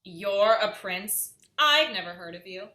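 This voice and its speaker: A woman's voice: medium pitch, animated, unhurried, pushed and bright, reverberant. A young woman playing a sassy, dramatic Cinderella in a stage comedy. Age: young adult.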